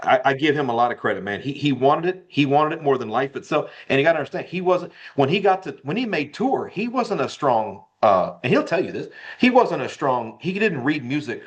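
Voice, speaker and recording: A mid-pitched man tells a personal story as a podcast guest. He gets excited and repeats phrases, pushing the tale along. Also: brisk, hardly any pauses. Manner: animated, repetitive storyteller. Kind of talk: casual storytelling interview.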